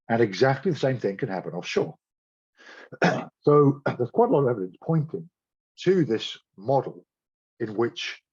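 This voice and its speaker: Husky man giving a blunt science talk. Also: fairly low pitch, a little mellow, lo-fi sound. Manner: blunt, sardonic asides. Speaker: guest speaker.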